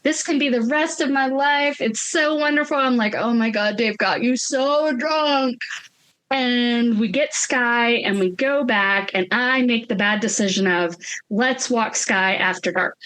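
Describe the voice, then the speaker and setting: A woman tells a story on a casual podcast. She is animated, acts out each person she quotes and laughs often as she goes. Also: on the high side, unhurried. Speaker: podcast co-host.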